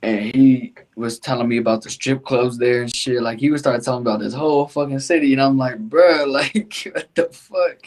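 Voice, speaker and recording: A man hosts a loose podcast chat in a relaxed, slangy way. He swears freely and keeps his talk easygoing in an average-pitched voice. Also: a little fast, hardly any pauses. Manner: laid-back, heavy swearing, slangy. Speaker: podcast host. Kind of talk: casual chat.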